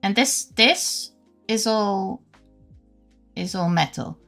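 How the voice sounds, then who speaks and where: Soft background music plays as a young woman from Britain chats casually on a live stream despite a headache. She speaks slowly in a mid-range, creaky, fairly bright voice, rambling, greeting viewers often and using many fillers and restarts.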